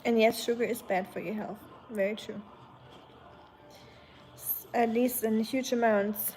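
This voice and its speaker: German lady streaming, slow and mellow, lotsa ums, german accent. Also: a little high, steady tone, soft background music. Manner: chatty, hesitant, many ums, switches to German. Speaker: livestream host. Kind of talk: casual chat reading viewer comments.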